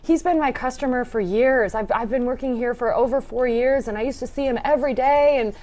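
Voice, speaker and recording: A woman's voice: high-pitched, brisk, dark tone. A woman co-hosting a casual chat podcast, telling a story and acting out the people in it. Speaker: podcast co-host.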